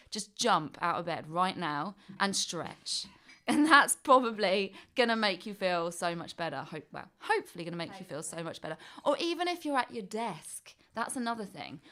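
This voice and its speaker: A woman's voice: medium pitch, big pitch swings, moderate pace, a bit bright. A woman presenting a wellbeing slot on the radio, chatty and encouraging, laughing often as she gives tips to listeners. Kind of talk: casual radio chat.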